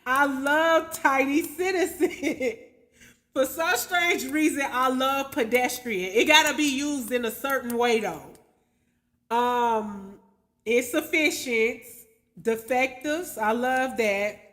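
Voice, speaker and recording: Woman livestream host, high voice, slow and laid-back, slangy casual chat with viewers. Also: fairly bright tone. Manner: loose and slangy, chuckles often, spells out viewer names letter by letter.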